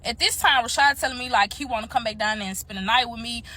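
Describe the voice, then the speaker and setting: Woman, storytime vlogger; bright and forceful, a bit high, chatty and swearing freely. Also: fast. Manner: chatty, profane, addresses viewers as y'all. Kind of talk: casual storytime vlog.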